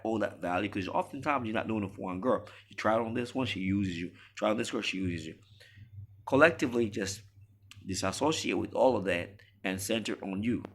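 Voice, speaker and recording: Low-voiced man lecturing emphatically. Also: fairly bright tone. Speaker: relationship commentator. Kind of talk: monologue to camera.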